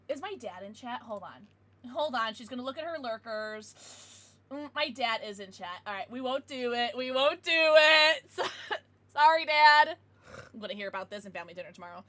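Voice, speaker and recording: Brief: young female livestreamer, giggly and chatty with her viewers, high and animated. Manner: giggly, chatty, talking to chat. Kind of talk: casual livestream chat.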